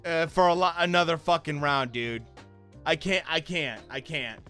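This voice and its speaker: A young man streaming a live reaction, angry and profane, shouting bursts that trail off into mutters. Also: fairly high pitch, moderate pace, soft background music. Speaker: streamer reacting to a boxing fight.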